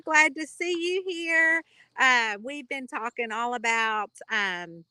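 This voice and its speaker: A bubbly woman with a Kentucky twang hosts a casual live chat with her readers, talking in long, rambling stretches. Her voice sits a bit high and sounds bright and sharp. It is recorded close and dry. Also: no room sound. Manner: chatty, rambling, bubbly, reads out viewer comments.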